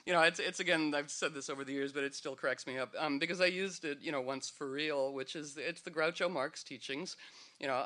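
A man's voice: a little high, fairly quick, sharp tone. A man speaking to a live audience in a meandering, playful way, full of fillers and restarts. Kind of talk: rambling, humorous talk to an audience.

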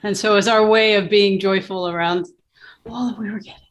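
Woman, enthusiastic, halting starts, casual group chat. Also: mid-range voice, steady tone. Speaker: participant.

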